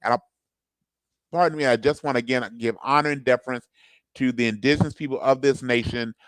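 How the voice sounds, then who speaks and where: A man's voice: medium pitch, fairly even intonation, a little fast, fairly bright tone, no room sound, low-quality recording. A man co-hosting a casual podcast, who thinks aloud with restarts and upbeat asides. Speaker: co-host.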